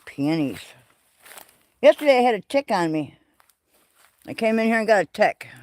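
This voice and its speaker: Chatty high-voiced man touring his garden. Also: normal speed, dry recording. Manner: excitable, chatty and rambling. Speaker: livestream host. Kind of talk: casual walking garden tour. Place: greenhouse and garden, partly outdoors.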